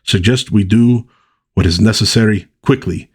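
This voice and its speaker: A stern armored soldier from a comic, speaking in clipped, formal phrases, read aloud by a man. The voice stays low and a little husky. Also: moderate pace. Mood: urgent.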